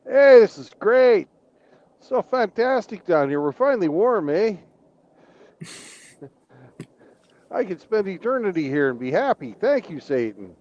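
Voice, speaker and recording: A man's voice: sits high, sing-song, unhurried, long pauses, darkish tone, dull audio, voice pushed up. A man voicing two cheerful male Canadians in a joke, chirpy and delighted, ending lines with "eh".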